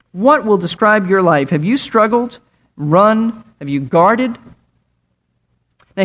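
A man's voice: high-pitched, a bit bright. An older man preaching a sermon, emphatic and fond of repeating key phrases.

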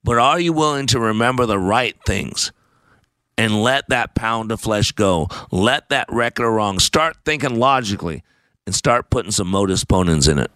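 A man's voice: fairly low pitch, expressive, moderate pace, sharp tone, no echo. A man hosting a radio show, talking in an emphatic, repetitive, sermon-like way. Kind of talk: preachy talk radio monologue.

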